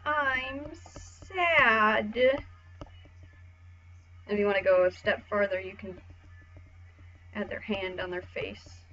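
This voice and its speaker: A woman casually explaining how to draw expressions, chatty and relaxed, with the odd swear. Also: medium pitch, moderate pace, pauses often, dull audio, soft background music. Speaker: art tutorial host. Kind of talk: casual drawing tutorial.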